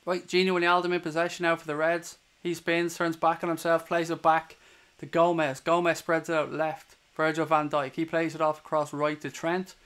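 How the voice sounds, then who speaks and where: A man's voice: on the high side, little pitch movement, moderate pace, a bit bright, smooth. Irish guy calling a match live. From Ireland. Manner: swears hotly at opposing players. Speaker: fan watchalong streamer doing live commentary. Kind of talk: live play-by-play commentary to a stream chat.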